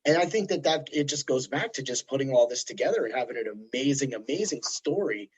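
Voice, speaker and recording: A man hosting a podcast, chatting casually in a rambling, animated way. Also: mid-range voice, a little fast, breathy edge. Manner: rambling, animated storytelling with put-on voices. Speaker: podcast host. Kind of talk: casual chat. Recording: dull lo-fi sound.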